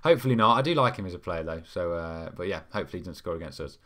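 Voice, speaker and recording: A man's voice: deep voice, lively intonation, very fast, pushed and bright. A young man, hosting a football fan live stream in a casual, rambling way, reading out viewer comments with lots of ums. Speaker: fan channel host.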